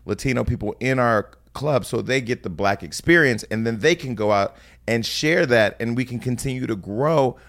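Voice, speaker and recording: A man at a middle pitch telling stories with emphasis and energy. He pushes his points hard, and his voice lifts sharply when he gets worked up. This is casual chat among friends. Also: normal speed, few pauses. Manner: storytelling, emphatic, animated. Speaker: podcast co-host.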